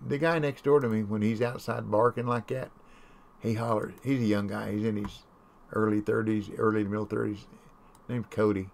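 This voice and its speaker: A man's voice: fairly low pitch, flat delivery, normal speed, gravelly. A man chatting casually while streaming a game, telling folksy, rambling stories. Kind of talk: casual chat while gaming.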